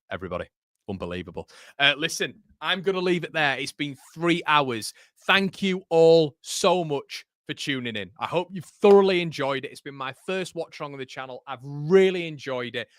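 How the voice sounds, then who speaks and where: A man's voice: medium pitch, normal speed, a bit bright, no echo, clean studio sound. A young man hosting a live football watchalong, chatting about the match and reading out viewer comments, tired after a long stream, often repeating words. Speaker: football channel host.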